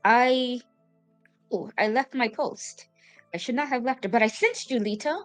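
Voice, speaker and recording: A woman's voice: a little high, a little slow, faint music behind, pitched above the performer's own voice, natural voice. A woman doing Cricket, a fretful hoofed creature. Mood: worried. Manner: breathless, fretful questions. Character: jittery hoofed creature guard, anxious and devoted.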